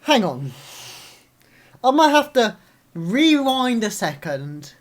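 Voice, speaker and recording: A young man hosting a live reaction video, ranting angrily and swearing, with sudden loud outbursts. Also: extremely high pitch, sing-song, slow pace.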